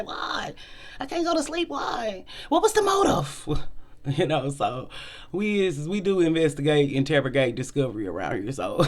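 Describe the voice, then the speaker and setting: A woman hosting a casual commentary vlog, talking bluntly and profanely, and acting out quoted people with big jumps in pitch. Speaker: host.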